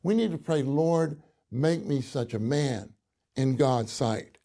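Slow gravelly-voiced male preacher. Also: mid-range voice, dark tone. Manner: slow, deliberate preaching with emphatic repetition. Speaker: minister speaking to a congregation. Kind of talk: sermon.

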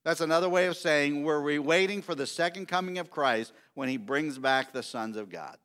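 A middle-aged man preaching a sermon, emphatic and repetitive, stretching key words slowly. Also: on the high side, fairly bright tone. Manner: emphatic, repetitive preaching with slow drawn-out stresses. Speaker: pastor.

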